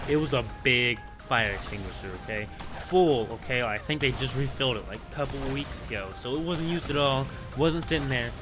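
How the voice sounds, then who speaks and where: A young man casually telling a school story on his vlog, rambling and excitable, with lots of filler words. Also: medium pitch. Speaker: gaming channel host.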